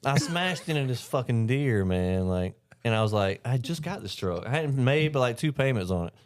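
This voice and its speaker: A man's voice: mid-range voice, lively intonation, moderate pace. A man telling wild stories in a casual, profane podcast chat, often laughing and quoting people. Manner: profane, laughing storyteller with quoted voices.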